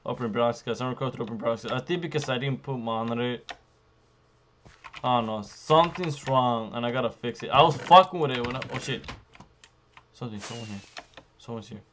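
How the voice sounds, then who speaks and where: A young man giving profane, frustrated commentary while playing a survival game, jumping between loud outbursts and low muttering. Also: a little fast, pauses often, a little hiss or hum. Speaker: gaming YouTuber. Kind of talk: profane live gameplay commentary.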